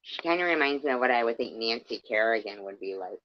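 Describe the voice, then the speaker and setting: A woman's voice: a bass voice, expressive, quick pace, noisy background. A woman hosting her channel, reading a book aloud and breaking off into rambling, profane asides. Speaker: channel host. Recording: dull lo-fi dry sound.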